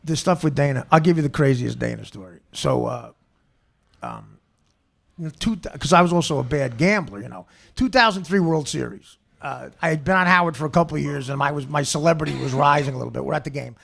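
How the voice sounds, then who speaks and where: A man telling profane, animated stories on a podcast, acting out the people he quotes. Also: on the high side, a little fast, vocal fry. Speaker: guest comedian. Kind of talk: storytelling on a podcast.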